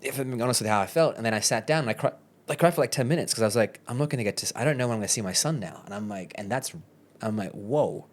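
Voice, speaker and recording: A man's voice: mid-range voice, animated, racing. A man with an Australian accent, a podcast guest telling a personal story in a chatty, candid way, often quoting his own thoughts and laughing as he goes.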